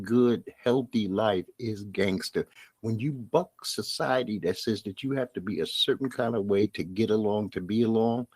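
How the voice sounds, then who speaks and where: Middle-aged brooklyn guy doing a solo podcast rant, blunt and emphatic, kinda low voice, dry close mic. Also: a little mellow, husky, dry recording. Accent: Brooklyn New York. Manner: blunt, emphatic, repeats his points. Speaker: podcast host.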